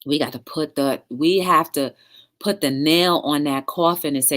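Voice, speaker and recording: A woman's voice: low-pitched, normal speed, a bit bright. A woman hosting a casual livestream talk show, chatting with viewers in the live chat and encouraging them.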